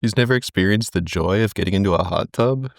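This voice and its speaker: Deep gravelly man cracking dry jokes. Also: fast talker, no echo. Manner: dry wisecracks, deadpan jokes. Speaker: podcast co-host. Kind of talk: comedic banter. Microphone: remote call mic.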